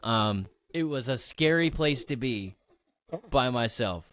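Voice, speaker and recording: A man's voice: medium pitch, lively intonation, takes it slowly, a bit bright, no echo, studio quality. A man co-hosting a podcast, rambling and joking at his own expense. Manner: rambling, self-mocking filler talk. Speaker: podcast co-host. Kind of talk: casual podcast chat.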